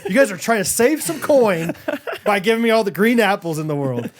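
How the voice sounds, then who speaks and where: A man's voice: high-pitched, sing-song, fairly quick, a little hiss or hum. A man co-hosting a podcast in casual chat, ranting in an emphatic, exasperated way. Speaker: podcast co-host.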